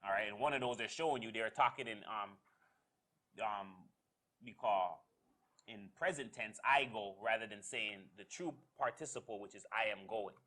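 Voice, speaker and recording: A man leading a church Bible study, explaining passages slowly and checking in with "all right?" as he goes. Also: lowish voice, sharp tone.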